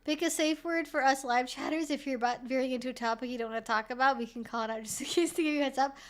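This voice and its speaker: A woman's voice: high-pitched, racing. A young woman hosting a casual live-stream Q&A, rambling and swearing freely, laughing often and sounding slightly tipsy.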